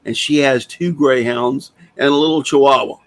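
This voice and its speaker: A man's voice: medium pitch, fairly even intonation, moderate pace, poor audio. A man in his sixties hosting a casual chat show, telling a rambling, plainspoken story in a folksy way. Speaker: host.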